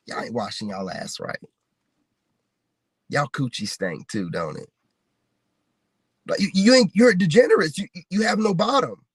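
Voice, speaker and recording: A man's voice: high voice, husky, no room sound. A man delivering a confrontational, mocking rant straight to his viewers, hammering the same points over and over. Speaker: online commentator. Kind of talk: ranting monologue to viewers.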